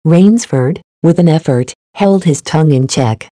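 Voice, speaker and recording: A woman narrating a story in a steady, measured reading. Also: deep voice, dry recording. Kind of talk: scripted narration.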